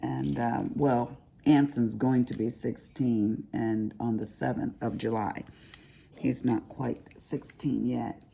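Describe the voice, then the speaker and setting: A woman's voice: a bass voice, steady tone, takes it slowly, creaky, mellow, slight background noise. An older grandmother chatting casually to her viewers as she crafts, rambling and laughing at her own asides. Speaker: crafting vlogger. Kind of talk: casual chat while crafting.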